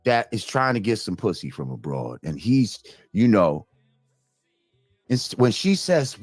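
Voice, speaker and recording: A man hosting a live stream, reading viewer comments and ranting with heavy profanity, jumping between loud outbursts and low mutters. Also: measured pace, dry recording. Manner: animated, swings between loud rants and mutters. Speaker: livestream host reading chat.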